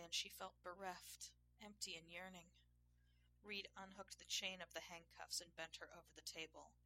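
A woman reading an erotic story aloud in a measured, intimate way. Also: lowish voice, bright, forceful tone, a little hiss or hum, poor audio. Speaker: narrator. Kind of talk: erotic audiobook narration.

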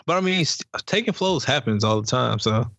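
A man's voice: medium pitch, lively intonation, a little fast, creaky, fairly bright tone, no echo. A young man co-hosting a podcast, eagerly interrupting and pushing his points in casual chat. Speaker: podcast co-host.

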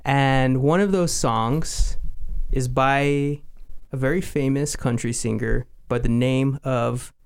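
A man's voice: medium pitch, fairly even intonation, takes it slowly, gravelly, clear, resonant tone. A man co-hosting a radio music show, chatting casually in a joking, self-mocking way.

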